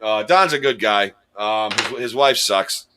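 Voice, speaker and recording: Over a noisy background, a man with a fairly low voice talks a little slowly as he hosts a casual podcast. A quiz contestant too, he rambles through stories and jokes about himself.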